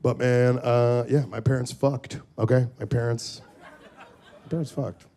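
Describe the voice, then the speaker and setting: A man's voice: medium pitch, fairly even intonation, unhurried, dark tone. A man doing a stand-up set in a comedy club, crude and rambling, slipping into goofy voices. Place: comedy club stage before a laughing crowd. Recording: live club recording with crowd and hum.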